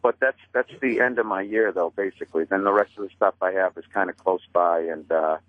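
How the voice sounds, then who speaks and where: A man calls in over a tinny, dry phone line and chats casually. He tells his stories deadpan and mocks himself. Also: low voice, fairly quick, no room sound. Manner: deadpan, self-mocking storyteller. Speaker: comedian guest on phone. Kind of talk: casual chat.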